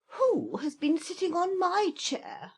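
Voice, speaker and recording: A woman's voice: very high-pitched, very animated, slow pace, darkish tone, voice pushed up, full character voice. Woman doing a complaining middle-sized bear. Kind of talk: storybook reading.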